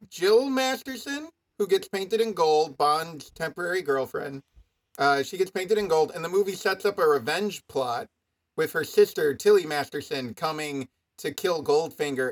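A man co-hosting a podcast, retelling film plots in an animated, joking way. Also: fairly high pitch. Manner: animated, jokey storytelling. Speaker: podcast co-host. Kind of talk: casual film discussion.

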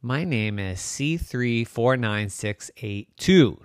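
A man's voice: mid-range voice, lively intonation, slow pace, clean tone, no echo, clean studio sound. A man voicing a rude planet in a bedtime story, scornful and mocking. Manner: scornful, laughing.

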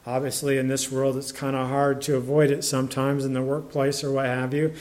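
A man preaching a sermon in a conversational, halting way, with many restarts and fillers, and reading scripture aloud in older English. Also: mid-range voice, little pitch movement, a little mellow.

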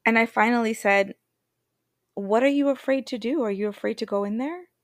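A middle-aged woman hosting a motivational podcast, candid and emphatic, slowing down to stress repeated phrases. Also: fairly high pitch, no echo, clean studio sound. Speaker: podcast host and healer.

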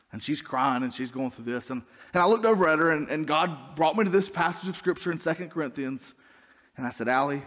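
A young man preaching a sermon as a youth pastor, earnest and emphatic, with rising questions and quick asides. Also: high voice. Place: church sanctuary. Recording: long hall reverb.

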